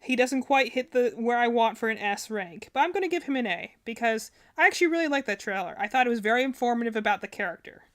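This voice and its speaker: A woman's voice: a little high, lively intonation, fast, few pauses, fairly bright tone. A woman streaming as she reacts to game trailers, talking casually and rambling, with lots of fillers and self-corrections. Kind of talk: casual live-stream commentary.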